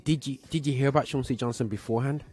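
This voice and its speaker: A man with a Birmingham accent hosts a casual chat. He rambles in street slang with lots of filler and asides, and his voice is a little husky. Faint music plays behind him. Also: medium pitch, fairly even intonation, rapid-fire, a little mellow. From Birmingham, England. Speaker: show host. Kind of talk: casual chat on a gospel show.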